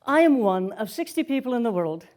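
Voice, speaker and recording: A middle-aged woman with a Scottish accent, a worship minister telling a story in a gentle sermon and dropping softly on key words. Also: a little high, sing-song, fairly quick.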